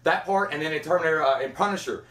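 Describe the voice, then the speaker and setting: A man's voice: a little high, fairly bright tone. A man co-hosting a casual review chat, crude and jokey. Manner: crude and jokey, acts out quick voices. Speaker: co-host. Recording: echoey room, far from mic.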